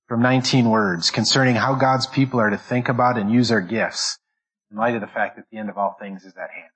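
A man's voice: mid-range voice, fairly bright tone, rough recording. A man preaching a sermon as pastor, stressing each word and often repeating and restarting phrases as he goes. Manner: restarts and repeats words while thinking aloud.

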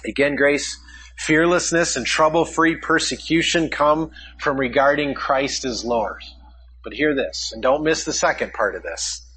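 A man's voice: on the high side, a little slow, sharp tone, slightly rough, rough recording. A man preaching a sermon, asking his congregation questions as he teaches from a passage. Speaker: pastor.

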